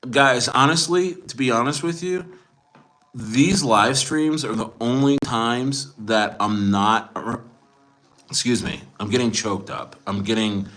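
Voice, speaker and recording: A man's voice: medium pitch, takes it slowly, fairly bright tone. A man in his forties hosting a livestream, chatting boastfully with viewers in a rambling way full of restarts. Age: 40s.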